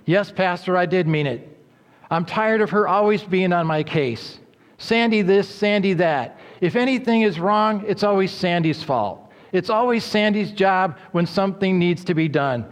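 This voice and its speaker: A man's voice: sits high, normal speed, big-room sound, natural voice. A man voicing a sullen, defiant teenage girl who snaps back sarcastically during a sermon story. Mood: bitter. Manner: sarcastic, snapping.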